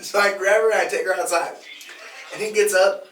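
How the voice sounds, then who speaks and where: A man co-hosting a podcast tells a story in casual chat, his high-pitched voice brisk and picked up from a distance. He animatedly acts out the voices of the people involved and laughs mid-story, and the audio sounds roomy and off-mic.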